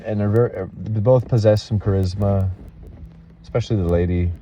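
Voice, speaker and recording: Low, mellow-voiced man rambling a personal story. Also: fairly even intonation, a little hiss or hum, poor audio. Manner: halting, restarts often, many fillers, emotional and earnest. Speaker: vlogger telling a personal story.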